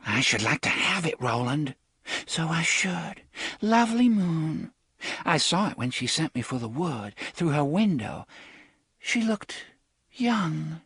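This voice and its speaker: A man's voice: fairly high pitch, big pitch swings, slow, a bit bright, husky, no echo, voice pushed up, full character voice. A man voicing a young woman in a hypnotic trance, dreamy and lilting, sometimes like a small child. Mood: childlike.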